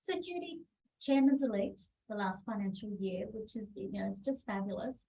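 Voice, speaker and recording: A woman's voice: mid-range voice, expressive, moderate pace, creaky, warm tone, slight background noise. A woman hosting an interview, affirming her guest and asking about goals. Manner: affirming, frequent murmured agreement. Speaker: interviewer host. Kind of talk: conversational interview. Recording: distant from the mic.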